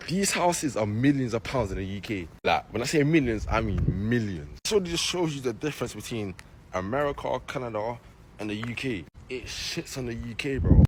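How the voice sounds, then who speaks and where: A man vlogging to camera, excited, slangy and swearing. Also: medium pitch, noisy background. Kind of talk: casual vlog to camera.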